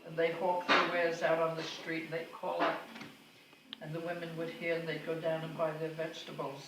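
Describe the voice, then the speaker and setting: A woman's voice: low-pitched, level tone, moderate pace, heavy background noise. An older woman recounting her family's history in an oral-history interview, telling anecdotes and acting out remembered quotes. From United States. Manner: warm anecdotal storytelling with acted quotes. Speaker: storyteller. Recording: echoey room, far from the mic, music behind.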